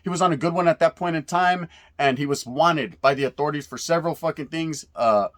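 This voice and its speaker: A man in his forties from California tells old street stories in a relaxed, slangy way, sprinkling in Spanish words and swearing freely. His voice sits a little higher than most men's. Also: a little fast. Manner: laid-back street slang with Spanish words mixed in, frequent profanity and "right?" tags. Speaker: storyteller recalling youth prison days. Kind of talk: casual storytelling.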